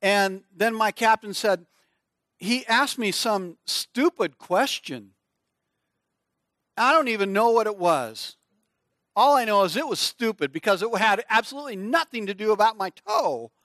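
A middle-aged man preaching, telling a personal story in an animated way and acting out screams and small voices. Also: high voice, unhurried, no room sound, clean studio sound. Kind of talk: storytelling sermon.

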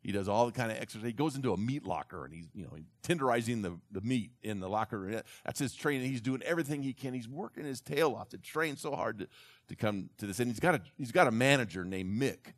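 A man telling a story to an audience in an animated way, slipping into character voices. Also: medium pitch, fast, no room sound.

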